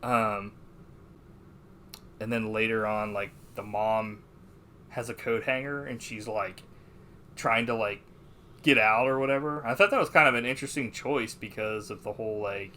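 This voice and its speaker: Podcast host, male, bright and forceful tone; animated, profane retelling of movie scenes. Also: on the low side, moderate pace, long pauses, a little hiss or hum. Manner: animated retelling, heavy swearing, many fillers. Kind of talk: casual movie review chat.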